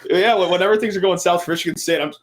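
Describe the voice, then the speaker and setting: A man's voice: high-pitched, very fast. A man guesting on a sports podcast who chats casually, playful and sarcastic, laughing often.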